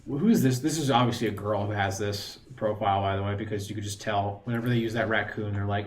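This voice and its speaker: A man's voice: fairly low pitch, fairly even intonation, fast talker, hardly any pauses. Chatty, rambling man streaming a game. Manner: rambling, chatty, mocking asides. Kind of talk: casual gaming stream chat.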